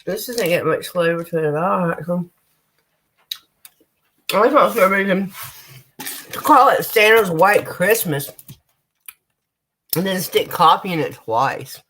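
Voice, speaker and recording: A woman's voice: on the low side, expressive, unhurried, pauses often, a bit bright, slight background noise. An American woman chatting casually on a live stream, swearing freely and talking straight to her viewers. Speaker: vlogger.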